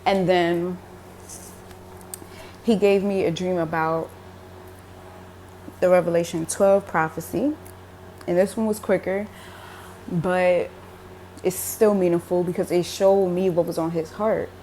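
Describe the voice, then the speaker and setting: A woman's voice: lowish voice, steady tone, slow pace, long pauses, dark tone, a little hiss or hum. A young woman telling a religious dream in a casual, emotional way, with many fillers like "like" and "um". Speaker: religious vlogger. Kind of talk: casual spoken dream testimony.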